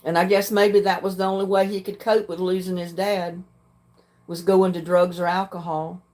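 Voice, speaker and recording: Older woman, livestream host, plain frank talk, frequent throat-clearing. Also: lowish voice, little pitch movement, moderate pace, a little mellow. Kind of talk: casual chat reading viewer comments.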